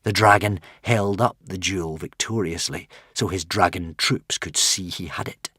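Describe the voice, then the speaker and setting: A man narrating a fantasy audiobook in an expressive, dramatic way. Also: low-pitched, moderate pace, slightly rough, no room sound, studio quality. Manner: dramatic, varied delivery.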